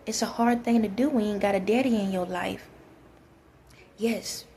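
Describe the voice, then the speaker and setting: A woman speaks casually and bluntly, giving relationship advice directly to her viewers. Her voice has a gravelly, fry-edged texture at a middle pitch. A faint hiss sits under the recording. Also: moderate pace, darkish tone.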